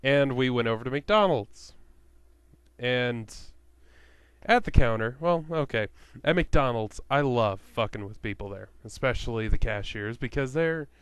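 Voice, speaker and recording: A sarcastic man ranting into a close mic, slow and deliberate, with frequent swearing. His voice is smooth and clear, and the sound is dry and close. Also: medium pitch, expressive, dry recording. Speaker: vlogger. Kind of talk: profane comedic rant.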